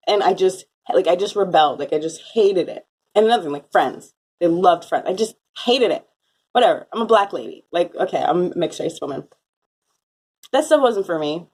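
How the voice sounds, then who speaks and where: A young woman telling a rambling story in a casual vlog, full of "like" fillers and quick laughing asides. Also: lowish voice, animated, a little mellow, breathy edge. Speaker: vlogger. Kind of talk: casual chat, recounting a dream. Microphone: phone.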